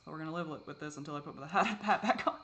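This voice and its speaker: A man talking in a confessional vlog, halting and repetitive, swearing often, and shifting between distress and soft, wry self-deprecation. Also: on the high side, slight background noise. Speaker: vlogger.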